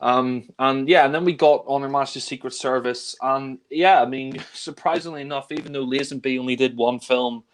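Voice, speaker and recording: A man's voice: mid-range voice, steady tone, a little fast, hardly any pauses. A man co-hosting a casual film discussion, chatty and enthusiastic, rambling on with lots of asides.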